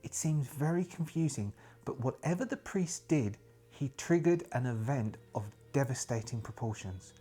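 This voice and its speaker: A man voicing an earnest 1920s investigator reading his journal in a hushed, measured, solemn way over faint music. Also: medium pitch, animated, breathy edge.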